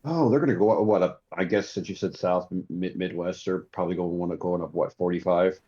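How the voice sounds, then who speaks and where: A man's voice: deep voice, brisk, mellow, highs cut off. A man joining a casual group chat with wry interjections.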